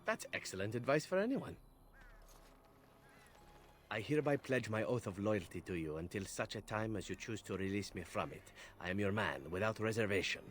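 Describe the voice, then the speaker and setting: A man voicing a polite, wry male assassin in a video game, speaking in a smooth foreign accent. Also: on the low side, animated, normal speed, slight background noise, natural voice. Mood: earnest. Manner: smooth, courteous, playful.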